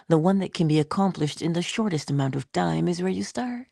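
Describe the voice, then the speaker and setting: A woman giving a casual motivational talk, expressive, dropping into whispers and laughing often. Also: sits low, a little fast, vocal fry, hardly any pauses, no echo, studio quality. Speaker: motivational vlogger.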